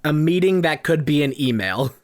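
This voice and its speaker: A man's voice: on the high side, expressive, normal speed. A man co-hosting a podcast in casual chat, tossing in dry joking quips. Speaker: podcast co-host.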